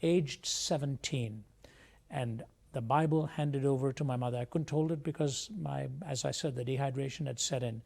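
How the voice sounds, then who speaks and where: A man tells his personal testimony slowly and deliberately. His voice has a gravelly rasp of vocal fry. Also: mid-range voice, a little mellow. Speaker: speaker giving a personal testimony.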